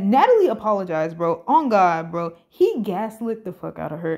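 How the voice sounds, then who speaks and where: A woman talking straight into a close mic in a loose, profane rant. Her pitch swings from squeals of disbelief down to low mutters. She sounds incredulous and chatty. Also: dark tone. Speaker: reality show commentator. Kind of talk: casual reaction commentary.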